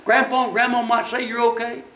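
A man's voice: very high-pitched, level tone, brisk. A man preaching a sermon in a folksy, emphatic way. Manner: folksy, emphatic, rises to shouts when acting out voices. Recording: echoey hall, voice from a distance.

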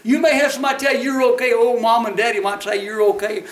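A man's voice: very high voice, quick pace. A man preaching a sermon in a folksy, emphatic way. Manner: folksy, emphatic, rises to shouts when acting out voices. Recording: echoey hall, voice from a distance.

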